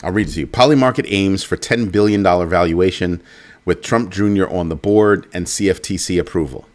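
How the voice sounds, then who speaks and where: A man hosting a casual crypto commentary show, animated and jokey, repeating his points. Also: sits low, fairly quick. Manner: animated, repetitive, jokey asides.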